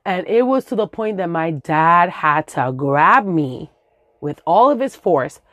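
A young woman telling a profane, animated comic story about her childhood. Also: on the low side, a little slow, no room sound, muffled recording. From Brooklyn, New York. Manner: animated, profane, acts out voices in shrieks.

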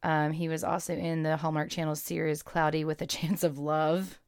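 A woman's voice: low voice, level tone, moderate pace, smooth, no room sound, clean studio sound. A woman co-hosting a podcast, chatting casually about a movie and rattling off an actor's credits. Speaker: podcast co-host.

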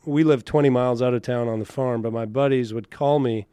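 Chatty, smooth-voiced man from Canada. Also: mid-range voice, fairly even intonation, brisk, mellow, no echo. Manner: chatty storyteller, laughs easily. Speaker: country singer, guest. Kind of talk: casual interview chat.

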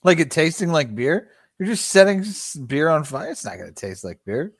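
A man's voice: a little high, very animated, moderate pace, gravelly, husky, dry recording, clean studio sound. A man co-hosting a casual chat show, bantering in a wry way. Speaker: podcast co-host.

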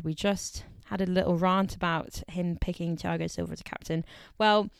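A woman's voice: mid-range voice, darkish tone, dry recording, clean studio sound. A young woman, co-hosting a podcast in a chatty, playful way and laughing between remarks. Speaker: podcast co-host. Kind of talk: casual podcast chat about football.

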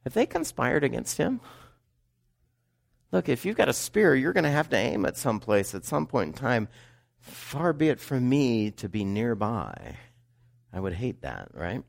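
A man's voice: mid-range voice, very animated, unhurried, vocal fry. A man preaching in church, reading scripture aloud and then turning to ask the congregation questions. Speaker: pastor. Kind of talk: sermon. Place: church sanctuary.

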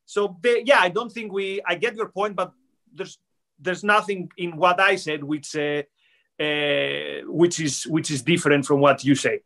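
A man's voice: a little high, steady tone, measured pace, creaky, a bit bright. A man co-hosting a political podcast, explaining history insistently with hesitant fillers. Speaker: podcast co-host. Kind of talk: casual political debate.

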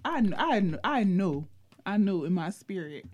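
A woman guest on a podcast, talking in blunt, loud, wisecracking casual chat. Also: mid-range voice, big pitch swings, moderate pace, highs cut off.

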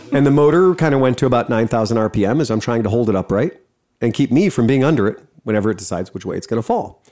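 Casual male podcast host, mid pitch, profane and lively storyteller. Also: quick pace.

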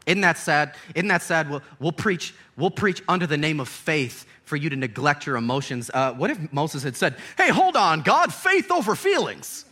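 A young man preaching an animated sermon, swinging from hushed to loud and laughing often. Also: a little high, normal speed, few pauses.

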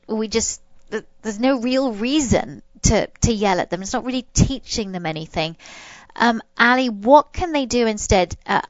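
A woman's voice: a little high, no echo, lo-fi sound. A woman hosting a podcast, giving dog-training advice in a reassuring, loose manner, often restarting her sentences.

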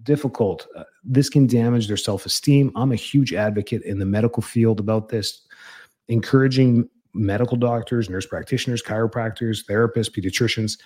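Male, 30s, chiropractor-host; casual, low, mellow advice voice. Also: brisk. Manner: conversational, with many fillers and restarts, acts out parent and child lines.

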